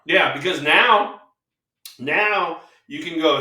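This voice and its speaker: A man's voice: on the high side, moderate pace, distant mic. An older man co-hosting a casual podcast, telling stories with plenty of swearing and acting out the dialogue. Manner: animated storyteller who acts out dialogue, swears freely. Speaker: co-host, former baseball player. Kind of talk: casual storytelling chat. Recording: echoey room, off-mic.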